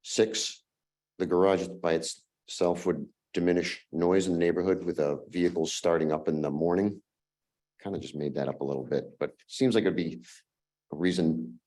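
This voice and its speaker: Low deep voice, hoarse man, dark mellow tone, presenting to a zoning board. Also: steady tone, moderate pace. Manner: reads a numbered list, with fillers and asides. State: hoarse, losing his voice. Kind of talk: formal presentation. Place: town meeting room.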